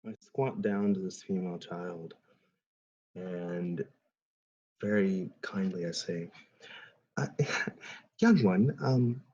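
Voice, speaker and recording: A man playing a tabletop game, speaking in first person as his character, calm and firm. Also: deep voice, slow, pauses often. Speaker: player. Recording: dull lo-fi sound.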